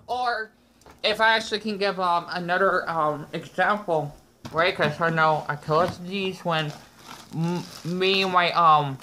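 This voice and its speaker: A man's voice: high-pitched, steady tone, unhurried, pushed and bright, slight background noise. Rambling, hesitant young man vlogging. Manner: rambling and hesitant, many ums and tag questions. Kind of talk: casual vlog monologue.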